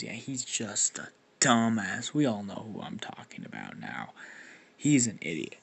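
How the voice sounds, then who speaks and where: A man's voice: fairly low pitch, big pitch swings, moderate pace, creaky, slightly rough. A young man casually improvising a fan story, rambling and swearing with lots of restarts.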